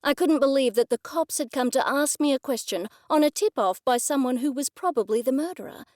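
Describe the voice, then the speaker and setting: A woman narrating a first-person cozy mystery audiobook in a measured, expressive storytelling manner. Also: sits high, dry recording, studio quality.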